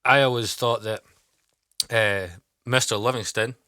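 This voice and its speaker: Halting man, bright dry voice. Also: mid-range voice, fairly even intonation, clean tone, no echo. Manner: halting, full of fillers and restarts. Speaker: podcast co-host. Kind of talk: casual chat.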